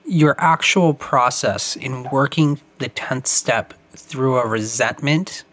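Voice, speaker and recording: Slow-talking man asking questions. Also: mid-range voice, fairly bright tone. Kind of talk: interview questions.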